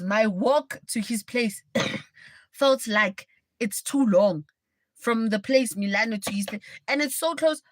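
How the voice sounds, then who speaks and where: A woman's voice: fairly high pitch, dry recording. A young woman with a South African accent, hosting a livestream and telling a story bluntly and dramatically. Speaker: livestream host. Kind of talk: casual storytelling.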